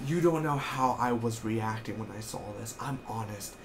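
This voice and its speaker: A young man giving an excitable, rambling casual review of a TV episode, with lots of fillers. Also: on the low side, moderate pace, noisy background.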